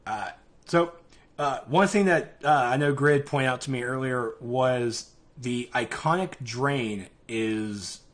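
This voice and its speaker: A man's voice: mid-range voice, slow. A man with a Southern US accent hosting a casual gaming podcast, chatty and sometimes mumbling. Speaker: podcast host. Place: live-streamed podcast.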